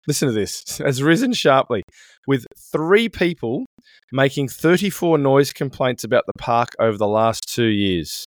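A man's voice: mid-range voice, normal speed, dry recording. A middle-aged man co-hosting a podcast in casual chat, swearing a lot as he rants. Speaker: podcast co-host.

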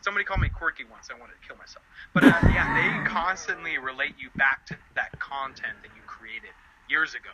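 A young man telling a story as a podcast guest, animated and laughing often. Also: brisk, hardly any pauses, heavy background noise. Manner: animated, laughing often, voice jumping high in quotes. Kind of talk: casual storytelling chat.

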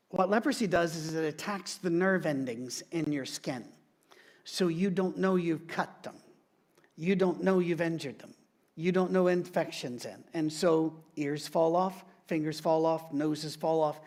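A man's voice: fairly high pitch, darkish tone. A middle-aged man, a pastor, giving a sermon with conversational, humorous storytelling.

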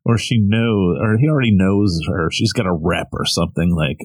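A man's voice: low-pitched, normal speed, slightly rough, no room sound. A man co-hosting a podcast, chatting casually about a manga in a laid-back way. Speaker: podcast co-host. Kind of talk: casual manga review chat.

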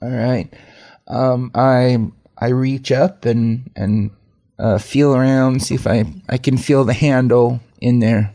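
Slow, hesitant man playing a tabletop game. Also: medium pitch, fairly even intonation, mellow. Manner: hesitant, filler-heavy, unhurried. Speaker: player. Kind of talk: tabletop role-play.

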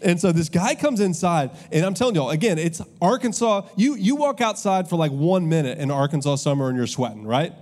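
A man's voice: fairly high pitch, animated, fairly quick, hardly any pauses, a little mellow. A man preaching a sermon as pastor, telling stories with casual asides to the congregation. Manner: conversational storytelling, audience asides.

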